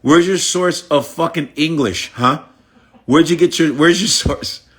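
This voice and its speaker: A man's voice: fairly high pitch, a little slow, fairly bright tone. A New York man, a comedian, doing a teasing comic rant on a phone livestream and repeating his punchlines in shifting voices. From the Bronx, New York. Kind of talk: mocking comic rant on a live stream.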